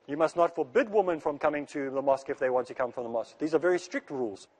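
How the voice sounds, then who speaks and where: A man with a fairly high voice delivers a religious lecture at a rushing pace. He is earnest and reassuring, and stacks repeated phrases to drive each point home. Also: darkish tone. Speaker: Islamic speaker.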